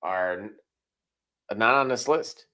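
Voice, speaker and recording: A man's voice: mid-range voice, animated, slow pace, pushed and bright. A man co-hosting a casual sports talk show, dropping dry, brief comments.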